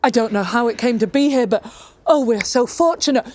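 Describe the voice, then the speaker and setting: A woman's voice: a little high, a little fast, darkish tone, a little hiss or hum, lightly acted. A woman voicing a scheming, sly male woodcarver who talks his way out of trouble.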